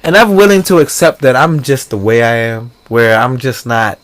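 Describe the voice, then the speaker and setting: A man's voice: mid-range voice, expressive, moderate pace. A man hosting his own podcast, bantering playfully and sarcastically with his co-host. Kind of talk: casual banter.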